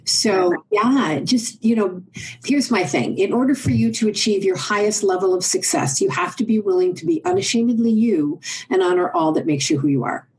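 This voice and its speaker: A middle-aged woman, a leadership advisor, talking as a podcast guest in an animated, emphatic storytelling way. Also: mid-range voice, normal speed, slight background noise, low-quality recording. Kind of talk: conversational interview.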